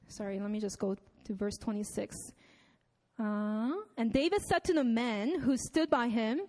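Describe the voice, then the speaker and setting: Young woman, high voice, casual sermon, conversational, fillers, scripture reading. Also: a little mellow. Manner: conversational, many fillers and asides; reads scripture aloud. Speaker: preacher.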